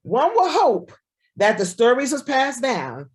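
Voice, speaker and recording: A woman's voice: sits high, huge pitch swings, unhurried, breathy edge. A woman pastor giving a sermon over a video call, talking in a conversational way, often checking in with "right?" and acting out the voices she quotes. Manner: conversational preaching, keeps asking "right?".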